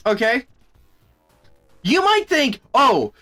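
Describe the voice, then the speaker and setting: A male streamer ranting in a casual, exasperated way. His voice sits a bit high, bright and forceful, swinging widely in pitch, with faint music in the background. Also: moderate pace. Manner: animated, exasperated, swearing. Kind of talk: casual chat.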